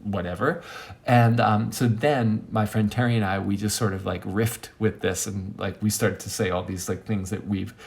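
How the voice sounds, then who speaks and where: A man telling a rambling personal story in a casual monologue, acting out quoted friends with sudden high squeaks and dropping to quiet near-whispers. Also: fairly even intonation, normal speed, vocal fry. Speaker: monologue host.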